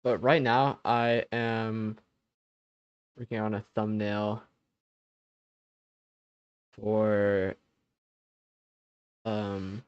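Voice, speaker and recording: A man's voice: lowish voice, level tone, extremely slow, pauses often, smooth, no room sound, dull audio. A young man hosting a live stream, chatting casually with viewers. He laughs often and trails off mid-sentence.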